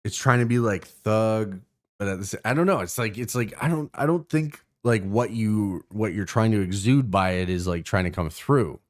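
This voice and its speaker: A man's voice: lowish voice, normal speed. Rambling, profane young man streamer. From Canada. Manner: profane, rambling, many fillers and restarts. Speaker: streamer host. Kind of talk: casual rant to stream viewers.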